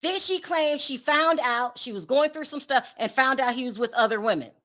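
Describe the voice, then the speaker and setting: A woman's voice: high voice, moderate pace, fairly bright tone. A woman hosting a celebrity gossip show in casual commentary, blunt, sassy and dismissive.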